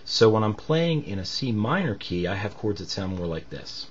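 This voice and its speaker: Low-voiced man teaching a music lesson. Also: sing-song, normal speed, husky, lo-fi sound. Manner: patient, explanatory, many fillers. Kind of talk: recorded music lesson with piano demonstrations.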